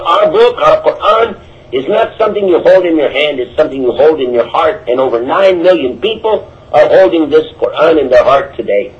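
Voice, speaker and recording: A high-voiced man preaches emphatically, repeating his points as he answers questions about his faith. The recording sounds dull and lo-fi. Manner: emphatic, repetitive, animated. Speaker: Islamic preacher. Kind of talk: religious talk answering questions. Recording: dull lo-fi audio.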